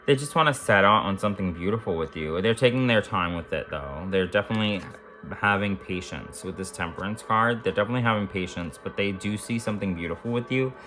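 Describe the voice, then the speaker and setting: A man giving a casual tarot reading to camera, rambling and repetitive with warm, affirming lists of praise. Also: fairly low pitch, quick pace, faint music behind. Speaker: tarot reader.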